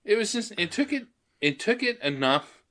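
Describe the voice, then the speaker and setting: A man in his thirties co-hosting a podcast, giving opinionated, animated takes on a movie in casual chat. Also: high voice, moderate pace. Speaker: podcast co-host.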